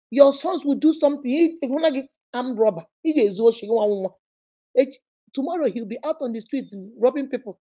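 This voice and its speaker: A woman's voice: on the high side, lively intonation, fairly quick, warm tone. Emphatic Nigerian woman giving advice. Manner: emphatic, preachy, addresses viewers directly. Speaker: relationship advice host. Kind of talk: livestream advice talk.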